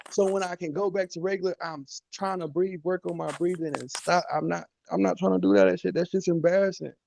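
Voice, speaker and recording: A man's voice: sits high, fairly even intonation, fairly quick, gravelly, darkish tone, a little hiss or hum. A man, a guest, talking emotionally and defensively, cursing and fighting back tears. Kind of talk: emotional call-in talk.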